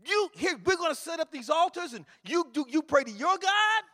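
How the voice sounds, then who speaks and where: A man's voice: very high-pitched, sing-song, moderate pace, sharp tone, big-room sound, pitched above the performer's own voice, full character voice. A man voicing a bold prophet defiantly taunting his rivals.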